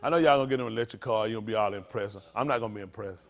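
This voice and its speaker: An older man preaching to a congregation, in a folksy, playful way with sudden loud bursts. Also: on the low side, very fast. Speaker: pastor.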